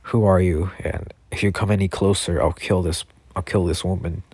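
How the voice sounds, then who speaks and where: A man's voice: deep voice, fairly even intonation, normal speed, darkish tone, slightly rough, dry recording. A man voicing a threatening male thug in a retold story, in a plain, barely acted voice. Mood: menacing.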